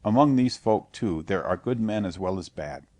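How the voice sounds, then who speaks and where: A man's voice: on the low side, sing-song, normal speed, darkish tone, dry recording. A man voicing a kindly little peasant soldier with a tender, sing-song way of speaking.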